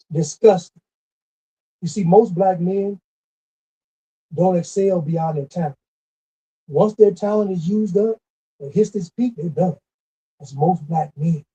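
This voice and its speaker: Husky dark-voiced man, scolding rant. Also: high voice. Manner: scolding, repetitive, emphatic. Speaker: commentator. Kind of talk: ranting monologue. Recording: dull lo-fi recording.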